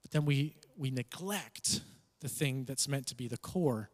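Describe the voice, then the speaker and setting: A man preaching a sermon, telling stories with acted-out quotes in an animated, conversational way. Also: mid-range voice, unhurried. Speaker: pastor. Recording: reverberant church hall.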